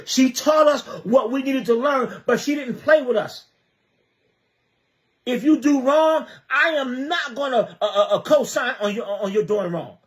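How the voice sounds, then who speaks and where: A man's voice: extremely high pitch, unhurried. A man from the Trenton area of New Jersey, a community advocate giving an impassioned livestream monologue, pressing his points with repeated rhetorical questions.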